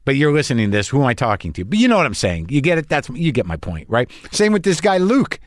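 A man's voice: medium pitch, wildly swooping pitch, quick pace, dry recording, clean studio sound. A middle-aged man hosting a podcast, telling stories in a rambling comedic monologue, self-mocking and acting out the voices of people he quotes. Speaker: podcast host.

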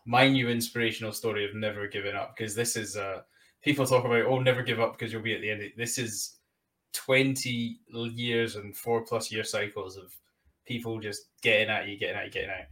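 A man's voice: lowish voice, steady tone, brisk, a bit bright. A man from Britain hosting a podcast interview, enthusiastic and rambling as he recaps his guest's story. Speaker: podcast host. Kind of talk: casual interview chat. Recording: voice a bit far from the mic.

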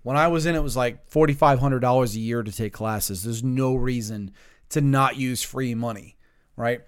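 A man's voice: medium pitch, normal speed, clean tone. A man from the United States, a recurring guest on a casual podcast, joking around and then turning earnest.

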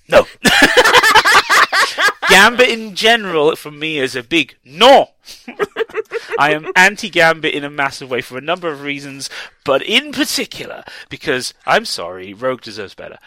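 A man co-hosting a podcast, chatting casually about a film, animated and laughing often with lots of restarts. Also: fairly high pitch, a little slow, no room sound. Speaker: podcast co-host.

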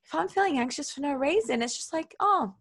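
A woman's voice: high voice, expressive, fairly quick, a bit bright. Reflective woman podcast host in her thirties. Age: 30s. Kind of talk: casual podcast conversation.

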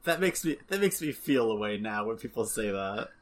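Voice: mid-range voice, expressive, moderate pace. A podcast co-host in casual chat, reacting bluntly and emphatically.

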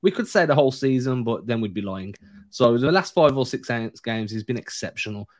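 A male podcast host who jokes easily and keeps a lively, bantering conversation going. He speaks with a non-American English accent, at a mid pitch. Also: brisk. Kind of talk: casual chat.

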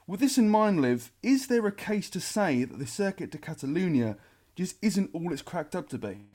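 Brief: animated male podcast host, slightly high voice, leads into a question. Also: moderate pace. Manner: lively, questioning lead-in. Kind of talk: podcast introduction.

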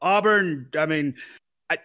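Man, fairly high voice, bright and forceful, teasing podcast co-host. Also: slow pace. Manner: teasing, rambling. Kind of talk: casual sports chat.

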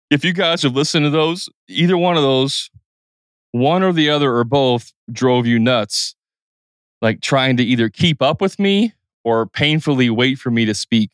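A man hosting a podcast who talks casually, often speeding up or slowing down his speech and doing quick voices to make a point. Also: no echo, clean studio sound. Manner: shifts pace and pitch to illustrate, with quick impressions. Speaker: podcast host. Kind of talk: casual solo podcast talk.

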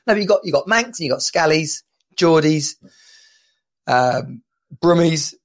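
Gravelly man hosting a casual podcast. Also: on the high side, expressive, measured pace. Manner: chatty, laughing storyteller with many restarts. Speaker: podcast host. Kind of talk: casual chat. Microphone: home podcast mic.

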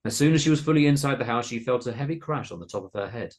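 A man reading a comic spooky short story aloud in a hushed, suspenseful narrating tone. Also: mid-range voice, animated, very fast. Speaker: podcast host reading his story.

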